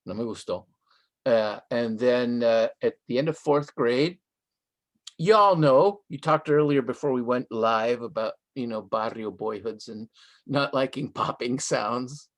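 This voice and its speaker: The guest author in a live online interview is an older man from Southern California who spins an unhurried story in ordinary mid-pitched tones. He slips Spanish phrases into his English, with brief laughs between lines.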